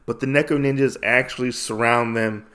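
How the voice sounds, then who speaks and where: A man's voice: medium pitch, steady tone, normal speed, fairly bright tone. A man hosting a podcast, recapping a comic casually with lots of fillers and restarts. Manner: rambling, many fillers and restarts. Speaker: podcast host.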